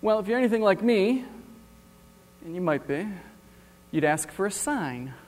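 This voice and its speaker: High-voiced male preacher in a reverberant hall. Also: a little slow, slight background noise. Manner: animated storytelling with wry humor. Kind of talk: sermon.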